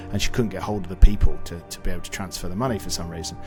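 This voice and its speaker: Low-voiced man telling a story. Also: rapid-fire, few pauses, music in the background. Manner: animated, swears freely, acts out quoted voices. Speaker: podcast co-host. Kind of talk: casual storytelling chat.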